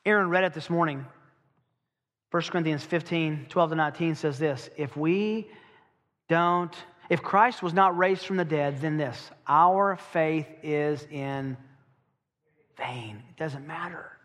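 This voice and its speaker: A man preaching a sermon. He is emphatic, asks rhetorical questions, and slows down to stress key phrases. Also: on the high side, a bit bright, big-room sound.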